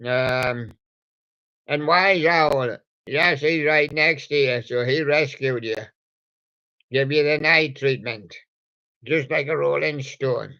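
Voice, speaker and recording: A man's voice: a little high, takes it slowly, pushed and bright. A man hosting a live radio show in a meandering, mumbling way, chatting to toy guests on a dull, lo-fi recording. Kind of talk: rambling live radio chat.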